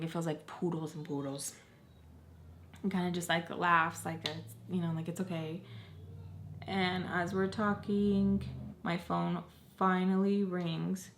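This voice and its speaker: Young adult woman, low-voiced, casual storytime vlogger, swears freely, emphatic. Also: a little hiss or hum. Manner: profane, emphatic, constant "like" fillers.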